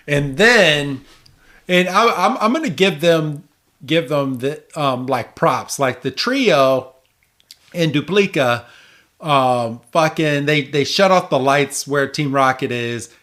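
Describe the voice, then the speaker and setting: A man's voice: fairly high pitch, takes it slowly. A man co-hosting a podcast, recapping a cartoon with lots of swearing and bursts of laughter. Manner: animated, swears a lot, breaks into laughter. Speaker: podcast co-host. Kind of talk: casual episode recap chat.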